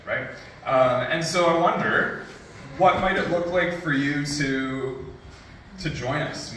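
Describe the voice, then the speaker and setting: A man's voice: mid-range voice, background noise. A young man speaking as a youth pastor, giving an earnest, conversational church talk and a prayer, with frequent ums. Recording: echoey room, distant mic, faint ambience.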